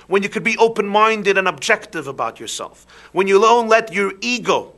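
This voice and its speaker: A rabbi delivers a sermon in a high, bright male voice. He asks rhetorical questions with animation, then drops into soft emphasis.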